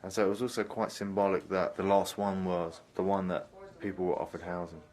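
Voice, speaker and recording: A man with a notably low voice gives a commentary on a film he made. He speaks thoughtfully and often pauses to search for the right words. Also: little pitch movement, a little mellow. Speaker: filmmaker giving a commentary track. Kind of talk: reflective commentary.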